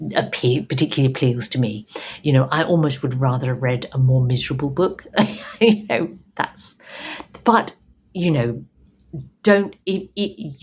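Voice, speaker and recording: A woman's voice: low-pitched, slight background noise. A woman reviewing books in a casual, rambling chat, full of ums and restarts. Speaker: book reviewer.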